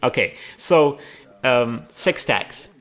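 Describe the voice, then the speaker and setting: A man giving casual, chatty commentary on a card game tournament match, excitable and quick to laugh. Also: medium pitch.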